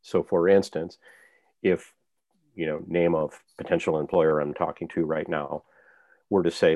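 A man with a very low, mellow voice, reflecting aloud as an interview guest. He works through his points with examples. The sound is dry and close to the mic. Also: level tone, a little slow, long pauses, no room sound. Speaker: author, guest. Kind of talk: conversational interview.

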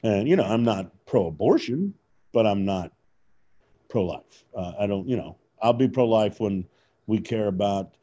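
A man from Kentucky chatting casually, a loud and animated storyteller who acts out voices in his anecdotes. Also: lowish voice, measured pace, highs cut off. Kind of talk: casual chat. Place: lives in California.

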